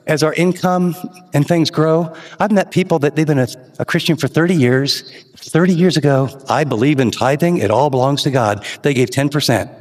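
A pastor preaching a sermon, impassioned and pushing to emphatic questions, then closing in prayer. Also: male voice, a little high. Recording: long hall reverb.

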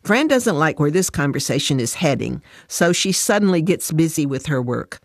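Brief: woman reading a faith story, soft and steady, dead-dry booth sound. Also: sits low, moderate pace, no room sound. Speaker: narrator.

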